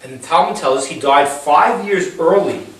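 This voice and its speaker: A man's voice: a little high, normal speed, fairly bright tone. A man teaching an informal Bible class, retelling the story in a chatty way and asking rhetorical questions. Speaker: Torah teacher. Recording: very echoey room, far from the mic, faint hiss.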